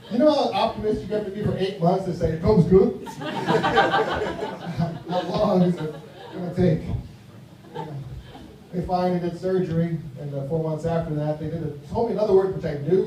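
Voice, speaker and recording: An American man in his fifties doing a rambling stand-up comedy set, with a mumbling delivery. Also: a little high. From United States. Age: 50s. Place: live comedy venue. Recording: very echoey room, voice from far off, faint noise.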